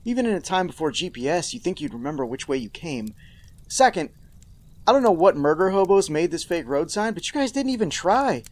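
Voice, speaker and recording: A man's voice: high voice, big pitch swings, brisk. A man hosting a podcast, recapping a horror episode with sarcastic, mock-outraged asides. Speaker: podcast host.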